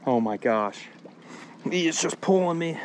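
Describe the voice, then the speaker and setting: A young man vlogging outdoors at a lake, giving excited live commentary to his viewers and repeating himself as he fights a fish. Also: on the high side, a little slow, slight background noise. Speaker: fishing vlogger.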